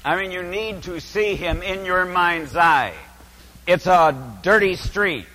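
An older man from California's San Joaquin Valley preaching a sermon as a story, with dramatic swings from hushed to loud. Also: high voice, takes it slowly. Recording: reverberant hall.

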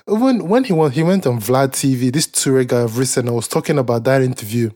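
A man's voice: medium pitch, animated, fairly quick, a little mellow. A man co-hosting a podcast, telling stories in casual chat with lots of swearing and fillers. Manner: profane, rambling storytelling with frequent fillers and laughs. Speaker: podcast co-host.

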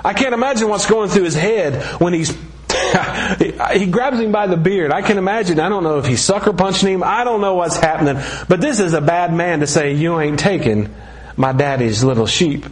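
Conversational preacher man, slightly high voice. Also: normal speed. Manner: conversational, joking, storytelling. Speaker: pastor. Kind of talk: sermon.

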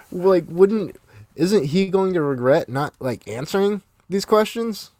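A man with a high voice joins in as co-host. He talks slowly and chuckles between remarks, and the sound is dry and close. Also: expressive, warm tone, no echo. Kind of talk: casual chat.

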